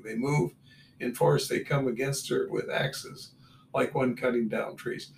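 A man's voice: mid-range voice, steady tone, a little slow, gravelly. A man works through scripture verse by verse, breaking off for short blunt asides. He sits back from the microphone in a roomy, echoing space with a faint hum of noise behind him. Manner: reads verses then adds blunt asides. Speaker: Bible teacher. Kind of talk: verse-by-verse Bible reading with commentary. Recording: roomy, distant mic with faint room noise.

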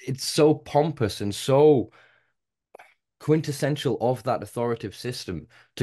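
A man's voice: mid-range voice, lively intonation, moderate pace, dark tone. A man hosting a podcast, talking in long impassioned run-on rants and swearing freely. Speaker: podcast host. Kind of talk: casual podcast conversation.

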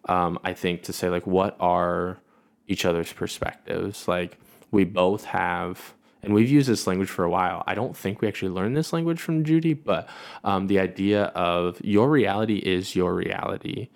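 Man, thirties, very low voice, reflective and halting, casual marriage talk. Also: vocal fry. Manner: reflective, many fillers and restarts. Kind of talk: casual conversation about marriage.

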